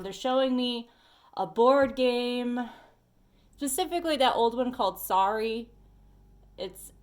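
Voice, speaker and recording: A woman at home giving a casual tarot reading to her viewers, chatty and animated, talking straight to the listener. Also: medium pitch. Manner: sings snatches of songs and talks to bugs. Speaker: tarot reader. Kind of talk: casual weekly energy reading.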